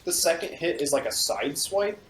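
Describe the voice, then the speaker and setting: A man's voice: fairly high pitch, big pitch swings, moderate pace, slight background noise. A young man chatting casually over a video game, explaining things with lots of hedging fillers. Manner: explains with many fillers and restarts. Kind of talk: casual chat while playing a video game. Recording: echoey room.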